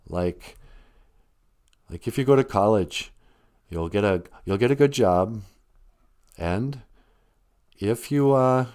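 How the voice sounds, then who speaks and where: Middle-aged male streamer, low voice with a lively swing, slow and loose, joking and rambling. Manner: joking and rambling, breaks into laughter and prayer. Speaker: host teaching Ojibwe words. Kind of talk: casual live-stream talk.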